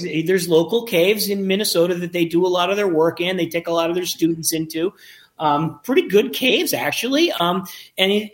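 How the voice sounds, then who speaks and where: A documentary filmmaker, a man, recounts how a film came together in a loose, animated way. His voice sits slightly high, and he slips into the voices of the people he quotes, often restarting his sentences mid-thought. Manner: animated anecdote-telling, acts out quoted dialogue, frequent restarts. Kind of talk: casual storytelling in an interview.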